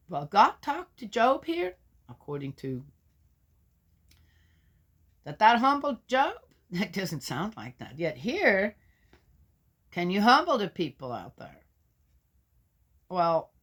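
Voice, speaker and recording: Reading scripture in a husky, medium-pitched voice, a woman breaks off repeatedly to argue with and question the text. The reading is loud, while her skeptical asides sink to a mutter.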